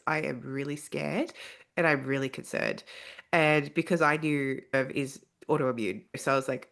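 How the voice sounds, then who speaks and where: A woman with a low, gravelly voice guests on a podcast and casually tells a personal story. She's animated, acting out the other people's lines as she quotes them.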